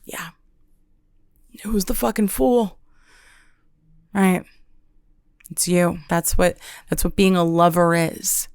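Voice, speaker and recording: A young adult woman hosting a podcast, telling a comedic monologue with deadpan, dramatic exaggeration. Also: on the low side, takes it slowly, pauses often, smooth, no room sound. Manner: deadpan, dramatic storytelling with self-mocking exaggeration. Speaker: podcast host.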